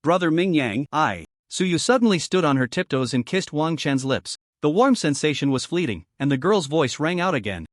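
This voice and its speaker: A man reading a scripted story recap in an even storytelling cadence. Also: fairly high pitch, moderate pace, hardly any pauses, no room sound, studio quality. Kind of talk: scripted narration.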